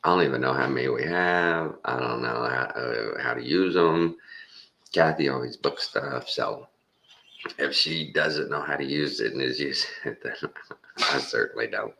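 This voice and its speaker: A man's voice: very deep voice, moderate pace, creaky, bright, forceful tone. A Texan man in his fifties telling a rambling, folksy story with frequent chuckles. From Texas. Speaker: vlogger. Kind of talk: casual storytelling.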